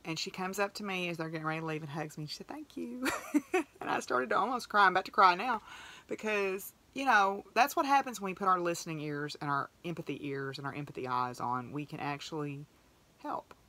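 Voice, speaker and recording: Bright-voiced chatty woman. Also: low-pitched, brisk. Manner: chatty, emotional, acts out quoted dialogue. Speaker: podcast host. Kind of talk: casual storytelling monologue.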